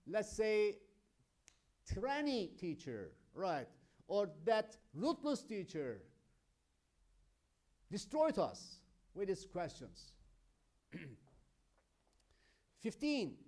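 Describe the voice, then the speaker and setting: A man teaches English grammar in a high voice, speaking slowly. He explains emphatically through everyday examples and keeps addressing his students as friends. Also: a little mellow. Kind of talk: grammar lesson.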